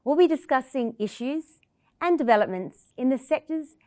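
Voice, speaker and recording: A woman hosts an investment interview, opening with a polished, scripted introduction before asking questions. Her voice sits fairly high. The recording is dry and close, with no room sound. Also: animated, normal speed, a little mellow, no room sound. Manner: polished, read-from-script delivery. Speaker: interview host.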